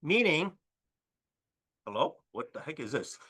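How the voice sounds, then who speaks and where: Animated high-pitched male chemistry teacher. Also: a little slow, breathy edge. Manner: animated, keeps asking "right?". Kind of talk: classroom lecture with storytelling. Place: classroom.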